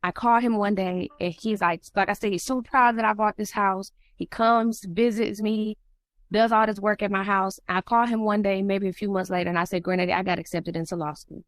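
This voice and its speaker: A woman tells a raw personal story as a podcast host. Her pitch climbs sharply whenever she acts out what others said. The sound is dry and close, with no room echo. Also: brisk. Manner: animated, acts out quoted dialogue with rising pitch.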